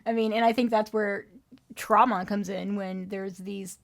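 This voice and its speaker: A woman's voice: mid-range voice, fairly even intonation, measured pace, creaky. A woman co-hosting a podcast in casual chat, reflective and chatty, laughing easily and using many fillers. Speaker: podcast co-host.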